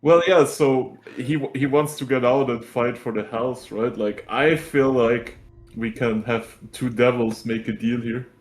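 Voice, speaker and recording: A man's voice: mid-range voice, fairly even intonation, measured pace. Chatty male tabletop player. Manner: chatty, keeps asking "right?". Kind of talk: casual tabletop game chat.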